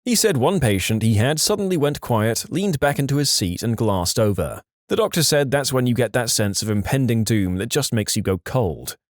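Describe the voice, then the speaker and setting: A man narrating online stories for a podcast, with a lively, playful delivery and voiced quotes. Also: mid-range voice, moderate pace, hardly any pauses, dry recording, clean studio sound. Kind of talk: reading online stories aloud.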